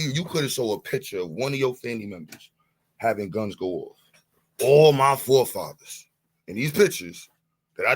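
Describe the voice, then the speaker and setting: A man's voice: fairly low pitch, husky. A man on a live-stream panel, boasting and taunting, leaning on the same catchphrases again and again in a heated rant.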